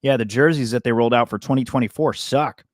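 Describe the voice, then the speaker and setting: A man co-hosting a sports podcast in a relaxed, rambling way with many fillers. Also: mid-range voice, fast, no echo, studio quality. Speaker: sports podcast co-host and radio reporter. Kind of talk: casual chat.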